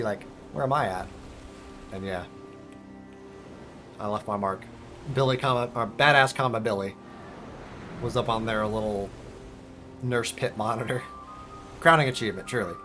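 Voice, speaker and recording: A young man streaming a game, telling a story in a casual, swearing, animated way and squeaking out high alarm noises. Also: brisk, pauses often, soft background music. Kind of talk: casual storytelling while gaming.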